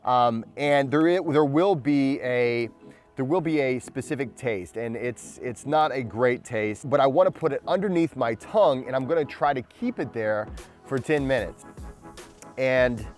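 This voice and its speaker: A man's voice: mid-range voice, unhurried, a little mellow, soft background music. A man hosting his own channel, talking casually to camera about a supplement, often restarting his sentences. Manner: rambling, restarts often, talks with powder under his tongue. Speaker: channel host.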